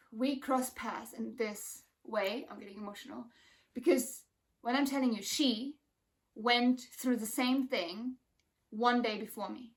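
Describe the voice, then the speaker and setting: A woman's voice: fairly high pitch, recorded from a distance. A woman talking casually to her viewers about a spiritual experience, emphatic and intense, with lots of "like" in her speech. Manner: emphatic, intense, heavy use of "like". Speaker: spiritual vlogger. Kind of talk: casual spiritual vlog talk.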